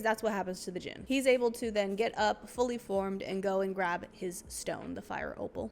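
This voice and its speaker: Young woman host, vocal fry, chatty and sarcastic, casual movie-recap chat with a faint noise bed. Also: mid-range voice. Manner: chatty, sarcastic, quick asides.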